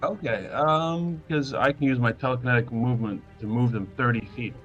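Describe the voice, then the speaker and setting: A man's voice: mid-range voice, brisk, fairly bright tone, lo-fi sound, faint music behind. A man playing a tabletop game, asking questions tentatively with many fillers. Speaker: player.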